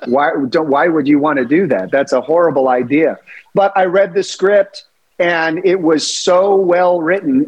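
A man, an actor being interviewed, telling stories and acting out the lines he quotes. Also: on the high side. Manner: storytelling, acts out quoted lines. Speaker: actor guest. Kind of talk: interview anecdotes.

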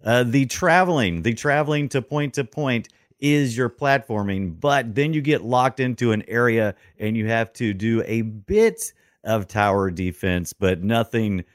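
A man's voice: mid-range voice, a little slow, no echo, clean studio sound. A man co-hosting a podcast, chatting casually and making playful, jokey interjections. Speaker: podcast co-host. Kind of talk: casual gaming chat.

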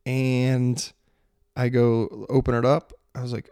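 A man's voice: mid-range voice, monotone, takes it slowly, dark tone, smooth, dry recording, studio quality. A man from Maryland, a singer-songwriter in his thirties, chatting casually and rambling, sarcastic about spam messages. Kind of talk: casual chat.

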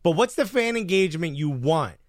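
Man, podcast co-host, casual animated chat, teasing jokes, fairly high voice, dry close sound. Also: fairly quick, no echo. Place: live-streamed podcast studio.

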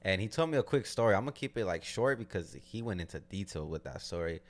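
A man with a very low voice tells a story on a podcast in loose, casual talk. He swears freely and fills his sentences with "like", and his voice climbs high whenever he acts out other people. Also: expressive, fast. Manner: loose, profane storytelling with frequent "like" fillers. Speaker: podcast co-host.

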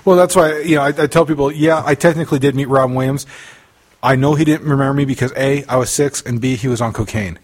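A man's voice: mid-range voice, steady tone, fast talker. A man in his forties co-hosting a podcast, telling wry stories in casual chat. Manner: wry, storytelling. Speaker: podcast co-host.

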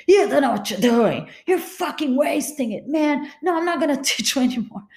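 A woman's voice: high voice, expressive, moderate pace, a little mellow, pitched above the performer's own voice. A woman voicing her irritable ex-boyfriend, a grown man who scolds, curses and lectures her over small things. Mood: angry. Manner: scolding, cursing, exasperated. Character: irritable stingy boyfriend, man, adult, quick to rage.

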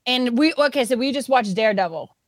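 A woman's voice: on the high side, lively intonation, fairly quick, dry recording. A woman co-hosting a podcast, chatting loosely, rambling and full of filler words. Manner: rambling, filler-heavy, giggly. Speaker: podcast co-host. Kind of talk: casual chat.

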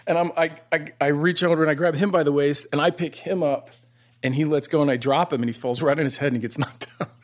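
A man guesting on a podcast, recalling a story in a relaxed, halting way and laughing easily. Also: on the high side. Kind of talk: casual chat.

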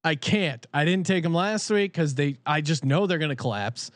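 With a fairly high pitch, lively intonation, and normal speed, a man co-hosting a sports betting show lays out his picks candidly, cursing as he goes. The talk is casual and blunt, and the recording is dry.

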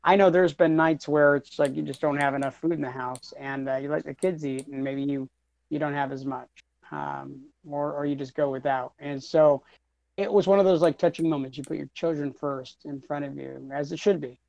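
A man in his thirties co-hosting a relaxed podcast, rambling, laughing and doubling back on his words. The recording sounds dry, with a slightly dull, muffled tone. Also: on the high side, moderate pace, gravelly, dry recording. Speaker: podcast co-host. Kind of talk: casual podcast chat.

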